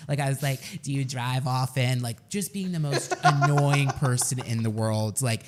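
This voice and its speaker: A man's voice: medium pitch, moderate pace, background noise. A man in his twenties, a podcast co-host telling a story in casual chat, self-mocking and laughing as he goes.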